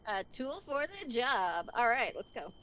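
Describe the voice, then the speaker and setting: Bright-voiced woman streamer chatting. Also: fairly high pitch, lively intonation, unhurried. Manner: chatty, coaxing, playful. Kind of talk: casual gameplay commentary. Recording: dull with faint hiss.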